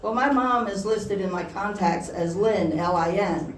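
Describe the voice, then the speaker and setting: A young woman performing a stand-up comedy set, talking in a halting way and often breaking into giggles. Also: medium pitch. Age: young adult. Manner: halting, giggly delivery with frequent laughs. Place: small shop hosting a comedy night. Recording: roomy, distant mic with faint background noise.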